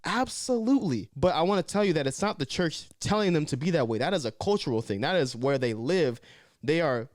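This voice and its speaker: A young man from Southern California talking casually to camera, animated and slangy, often saying man and bro. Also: medium pitch, no echo, studio quality. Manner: animated, slips into mocking voices. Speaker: vlogger.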